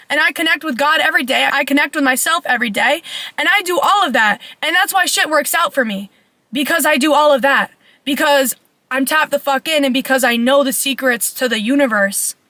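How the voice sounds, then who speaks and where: A woman's voice: high-pitched, pushed and bright, dry recording. Fired-up, profane young woman ranting. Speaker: life coach. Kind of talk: casual vlog rant.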